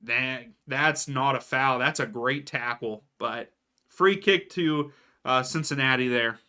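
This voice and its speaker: Bright-voiced man calling a live watchalong. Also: mid-range voice, slow. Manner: casual, reacts to plays and reads out chat names. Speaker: watchalong streamer. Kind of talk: live match watchalong commentary chatting with viewers.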